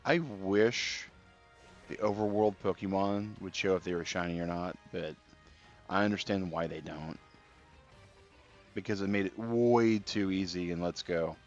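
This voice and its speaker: A man streaming a video game and chatting casually with viewers, relaxed and rambling, with many fillers and restarts. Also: deep voice, a little slow. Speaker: gaming livestreamer. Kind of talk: casual live-stream chat while playing. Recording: slightly dull stream audio with faint game music.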